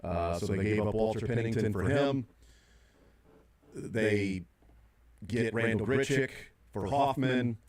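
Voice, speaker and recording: A man's voice: fairly low pitch, slow pace, long pauses. A middle-aged man hosting sports talk radio, rambling through his points with many fillers and restarts.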